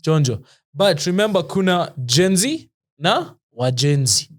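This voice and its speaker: A man with a Kenyan accent co-hosting a podcast, a lively storyteller who often laughs and mixes slang into casual chat. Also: a little high, unhurried. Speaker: podcast co-host.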